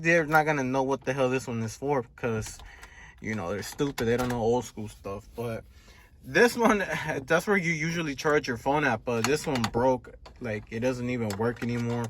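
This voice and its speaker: A young man vlogging outdoors, ranting casually in an animated, slangy way. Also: mid-range voice, normal speed, slight background noise. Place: outdoors by his truck.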